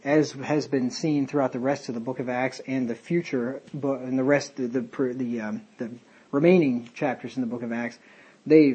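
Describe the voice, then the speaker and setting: A man's voice: mid-range voice, warm tone, slightly rough, highs cut off. A man leading a casual Bible study, talking in a rambling, conversational way with many fillers and tangents. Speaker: Bible teacher.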